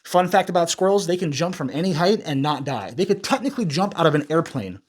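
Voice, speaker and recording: A man's voice: on the high side, lively intonation, fast talker, over loud music. A man hosting a commentary video, ranting in a rambling, profane, self-interrupting way. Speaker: commentary channel host.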